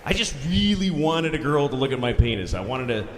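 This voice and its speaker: A middle-aged man doing a stand-up comedy set, telling a story with lively delivery, acting out voices and swearing freely. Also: medium pitch, brisk. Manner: animated storytelling, acts out voices, swears a lot. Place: large theater stage. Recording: live hall recording with reverb and audience noise.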